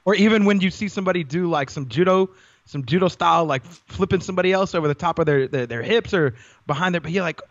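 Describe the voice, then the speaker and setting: A man's voice: sits high, quick pace, dull audio. A man co-hosting a podcast, talking in slangy casual banter, swearing and calling his partner bro. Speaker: guest co-host. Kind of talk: casual chat.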